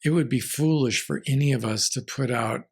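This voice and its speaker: A man speaking as a marriage and family therapist in an interview, measured and reflective, sometimes restarting his sentences. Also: mid-range voice, breathy edge. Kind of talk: conversational interview answers.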